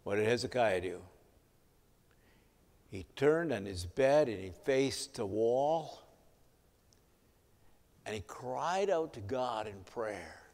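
A male pastor preaching an evening sermon, telling the story in a measured way and letting his voice swell and drop for emphasis. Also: medium pitch, expressive, a little mellow. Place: church sanctuary. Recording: long hall reverb.

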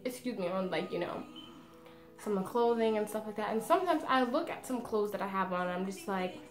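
Young woman vlogging from her bedroom, chatty, lots of "like", roomy echo, a bit of music low behind. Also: animated, fairly quick. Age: 20s. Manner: chatty, laughs often, lots of "like". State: tired after a long day. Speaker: beauty vlogger. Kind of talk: casual chat to camera.

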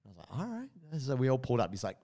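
A man's voice: mid-range voice, racing, dark tone. A man, telling a story in casual podcast chat with many fillers and quoted asides. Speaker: podcast co-host.

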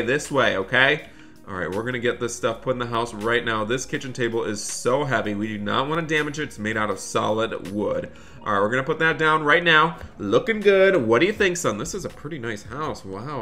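A man's voice: medium pitch, bright, forceful tone. A man doing chatty Roblox roleplay commentary, talking to viewers and his in-game son, with dramatic bursts of dismay.

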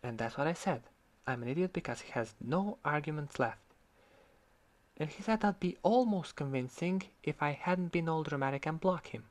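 A man's voice: on the high side, lively intonation, moderate pace. A man from Croatia, ranting in sarcastic, heated commentary about an online argument and swearing freely. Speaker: vlogger.

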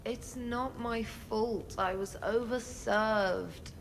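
A woman's voice: a little high, very slow, gravelly, a little hiss or hum, heavily acted, rough recording. An actress playing a sheepish young female ship officer with a dry, self-deprecating manner, for a video game.

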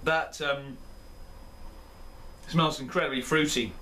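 A man's voice: fairly high pitch, steady tone, takes it slowly, bright, forceful tone, a little hiss or hum. A man hosting his own beer review video, talking in a chatty, rambling and self-deprecating way. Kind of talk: casual chat. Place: indoor room at home.

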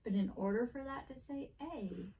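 A woman teacher giving a video phonics and grammar lesson at a board, sounding out letters slowly and clearly. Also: fairly high pitch, expressive, far from the mic, muffled recording, slight background noise. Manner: slow, deliberate sounding-out of letters.

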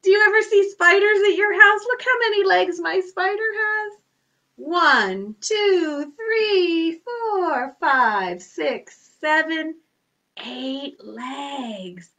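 Woman, high bright voice, slow unhurried delivery, children's storytime, sing-song and exaggerated. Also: animated, highs cut off. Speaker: children's librarian.

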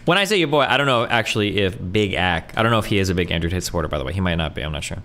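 Animated, blunt streamer man. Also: sits low, rapid-fire. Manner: blunt, profane, incredulous. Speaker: streamer reacting to a video. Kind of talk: casual live-stream commentary.

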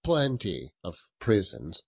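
A man narrating a storybook in a slow, expressive, chuckling way. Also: sits low, gravelly, slightly rough. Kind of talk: audiobook narration.

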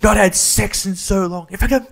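A man's voice: sits high, steady tone, creaky, voice pushed up. A man hamming up a mock-dramatic Riddler. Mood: mock lament. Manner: drawn-out mock-dramatic lament. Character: lovelorn theatrical adult male supervillain.

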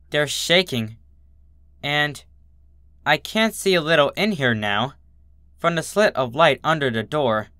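Slow, halting, bright-voiced male storyteller. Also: mid-range voice, no room sound, studio quality. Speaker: fanfiction reader. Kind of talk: first-person story narration.

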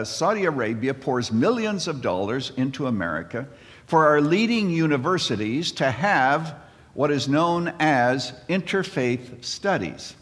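A man in his seventies giving a conference sermon, an animated storyteller with comic timing who mixes jokes into his message. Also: mid-range voice. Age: 70s. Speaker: conference speaker. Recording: reverberant hall.

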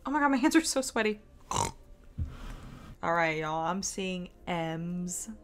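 A woman's voice: lowish voice, animated, unhurried, slight background noise. A woman streaming a video game on a close mic, casually commenting, talking to herself and swearing when frustrated. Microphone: close desk mic. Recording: game music behind.

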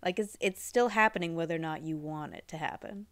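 A woman chatting casually on a live stream in an animated, teasing way. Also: sits low, a little fast. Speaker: guest streamer.

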